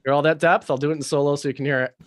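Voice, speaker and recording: A man's voice: fairly high pitch, fairly even intonation, rapid-fire, over loud music. A man running a live mixing tutorial over a video call, casual and thinking aloud with plenty of fillers. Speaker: mixing engineer teaching a livestream.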